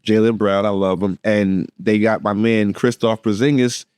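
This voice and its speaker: A man co-hosting a podcast, telling a story in a lively, laughing way and acting out the voices in it. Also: lowish voice, moderate pace, smooth, no room sound, clean studio sound. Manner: animated, laughing, acts out voices in his story. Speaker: podcast co-host. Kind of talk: casual storytelling chat.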